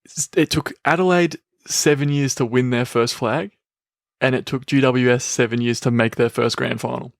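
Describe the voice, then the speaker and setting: Laid-back Australian co-host, dry sound. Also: male voice, medium pitch, steady tone, normal speed, vocal fry, no room sound. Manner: laid-back, agreeable, lots of "yeah". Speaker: podcast co-host. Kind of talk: casual chat.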